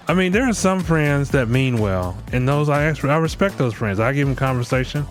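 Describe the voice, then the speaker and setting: A man's voice: medium pitch, lively intonation, a little fast, few pauses. A man riffs in a loose, comedic rant, blunt and heavy on cussing. He keeps breaking into voices for the people he quotes. Faint music plays under him. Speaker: podcast host.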